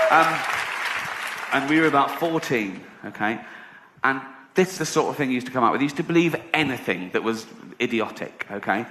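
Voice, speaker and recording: Brash man doing stand-up, echoey hall. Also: medium pitch. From England. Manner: brash, profane, storytelling with laughter. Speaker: comedian. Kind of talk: stand-up comedy. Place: live comedy venue. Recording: echoey live venue with room noise.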